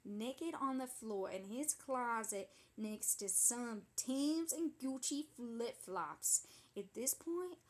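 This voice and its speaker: Brief: sassy young woman voiced by a woman, gossipy and indignant, a touch high-pitched, comedy monologue. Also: lively intonation, slow. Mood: dramatic gossip. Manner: breathless, indignant, gossipy storytelling. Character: sassy dramatic young woman telling a wild story.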